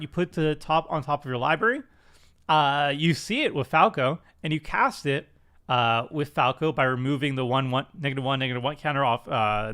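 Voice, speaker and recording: Chatty man reviewing cards, slightly high voice. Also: a bit bright. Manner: chatty, self-deprecating, many fillers and restarts. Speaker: commander stream host. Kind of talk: casual card review chat.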